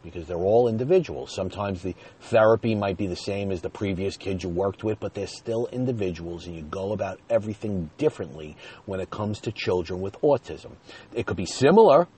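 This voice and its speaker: A man with a low, husky, mellow voice tells a personal story straight to his viewers. His delivery is chatty and casual, with a chuckle slipping in here and there. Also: lively intonation, a little fast. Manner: chatty, addresses viewers directly, chuckles while telling.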